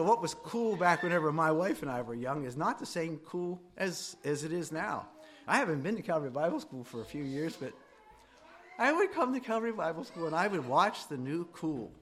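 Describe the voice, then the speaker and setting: Lively, conversational man teaching a class. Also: on the high side. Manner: conversational, asks students directly, voice rises and drops widely.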